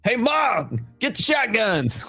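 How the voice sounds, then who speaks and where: A man's voice: very high-pitched, sing-song, takes it slowly, bright, forceful tone, faint music behind, pitched above the performer's own voice, exaggerated voice. A man voicing a gung-ho man rallying for a fight, in a hollering folksy drawl. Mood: rowdy.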